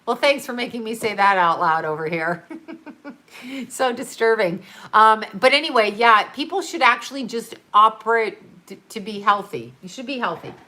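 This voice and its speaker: Her voice sits on the high side, animated and bright with a pushed quality, at a normal speed. As a livestream host reading chat, she rambles in casual conversation and laughs a lot while replying to viewers.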